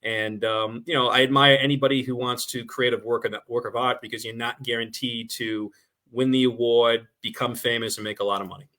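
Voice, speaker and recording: Fast-talking nasal New York man. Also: medium pitch. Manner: fast-talking, animated storyteller. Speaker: guest filmmaker. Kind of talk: casual talk-show chat.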